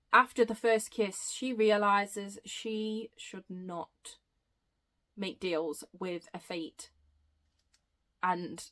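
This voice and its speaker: A woman chatting excitedly on her book vlog, gushing and rambling with self-interruptions, a bit out of breath. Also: medium pitch. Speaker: book vlogger. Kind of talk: casual chatty book review.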